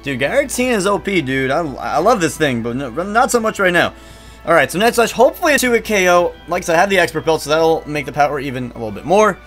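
A man hosting co-op gameplay commentary, excitable, swearing freely and bursting into loud exclamations. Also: a little high, fast, soft background music. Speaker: gaming channel host.

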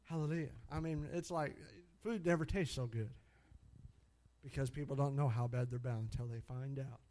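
Here a middle-aged man preaches in a mid-range voice at a moderate pace. His storytelling sermon is lively, peppered with frequent hallelujahs and his own laughter at the tales he tells.

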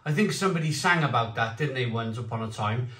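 A man reviewing beer and cheese on his channel, rambling excitedly, with bursts of shouting. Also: medium pitch, quick pace, roomy sound, distant mic. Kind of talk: enthusiastic tasting vlog.

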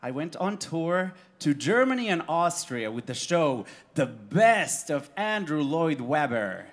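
Speaking slowly in a fairly high voice, a man tells stories from his own life in a live cabaret performance. He is animated and keeps laughing as he delivers his lines.

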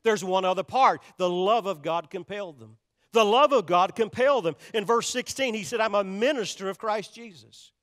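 A man preaching in a large church, his notably high voice trailing a long reverb through the sanctuary. He drives his points home with emphatic repetition and direct appeals to the congregation. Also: normal speed, fairly bright tone. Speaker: pastor. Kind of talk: sermon.

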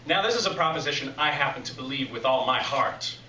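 A man's voice: medium pitch, animated, brisk, pushed and bright, a little hiss or hum. Folksy man preaching a tale. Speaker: reader at a live essay competition. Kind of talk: performed essay reading to a live audience. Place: live reading venue with audience. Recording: echoey live club from a distance.

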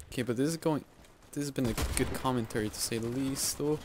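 Man, gameplay commentary, excitable, joking, loud gunfire behind his voice. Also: medium pitch, quick pace, hardly any pauses, background noise. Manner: excitable, yelps and groans at in-game deaths; self-mocking, joking asides. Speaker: video game YouTuber. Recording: loud game gunfire under the voice.

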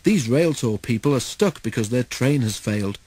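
A man's voice: mid-range voice, animated, normal speed, a little mellow, breathy edge. A man voicing a fussy male station master asking for help with pleading questions in a storybook reading.

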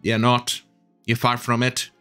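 A man's voice: medium pitch, monotone, measured pace, pushed and bright, clear, resonant tone, faint music behind. A man hosting a mocking news-commentary rant, swearing and laughing as he goes. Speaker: commentary host.

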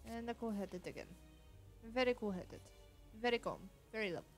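A woman's voice: fairly high pitch, fast, soft background music. A woman hosting a gaming channel, giving casual commentary as she plays and muttering, often cursing at the game.

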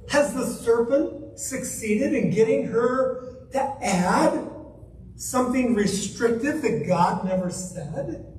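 Man, guest preacher, high voice, slow and deliberate, rhetorical questions, echoey church sound from a distance. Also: a little mellow, slight background noise. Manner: emphatic, asks the crowd rhetorical questions. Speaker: guest minister. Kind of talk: sermon. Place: church sanctuary. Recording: echoey church hall from far off.

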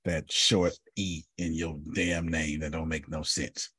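A man's voice: extremely low pitch, flat delivery, unhurried, a bit bright, husky, no echo, clean studio sound. A man teaching a group on a video call, blunt and joking, calling on listeners by name. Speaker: teacher and coach. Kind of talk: lively teaching session with a group.

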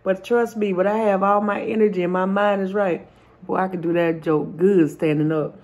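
A woman vlogger and comedian telling a joke while she eats at home. She is half asleep but tells the story in an animated way and laughs often. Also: medium pitch, normal speed.

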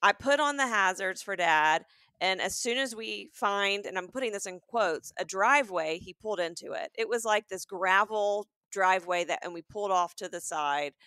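A woman in her forties co-hosts a comedy podcast, spinning an animated story and slipping into the voices of the people in it. The sound is close and dry, with no room around it. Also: mid-range voice, moderate pace, clean tone, dry recording. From American South. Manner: animated storytelling, acting out quotes. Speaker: podcast co-host. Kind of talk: comedic casual chat.

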